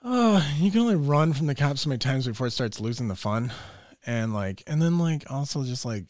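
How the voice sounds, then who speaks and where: Animated, profane man telling wild stories. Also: medium pitch, brisk, no echo, studio quality. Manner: profane, laughs often, acts out quotes. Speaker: podcast guest. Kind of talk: animated storytelling.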